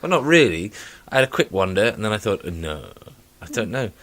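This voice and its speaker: A man in his thirties with a low voice, co-hosting a casual chat podcast. He rambles and jokes, and now and then slips into silly voices. His delivery is loose and unscripted. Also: big pitch swings, fairly quick, a bit bright, no room sound. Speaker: podcast co-host.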